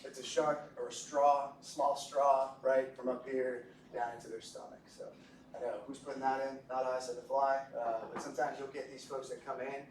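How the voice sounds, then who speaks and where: A male instructor lectures a class in a relaxed, joking way and keeps asking his students questions. He sounds set back from the mic in an echoey room. A faint hiss runs under his voice. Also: mid-range voice, moderate pace, recorded from a distance. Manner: jokey, conversational, asks the class questions. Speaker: medical lecturer.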